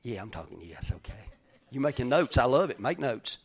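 A man preaching a folksy sermon as pastor, swinging from loud calls to hushed whispers. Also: mid-range voice, big pitch swings, fast talker, husky.

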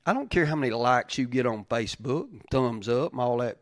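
A man preaching a sermon in a plain-spoken, folksy way, repeating phrases for emphasis and swinging between loud and soft. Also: medium pitch, expressive, fairly quick, dry recording. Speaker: pastor.

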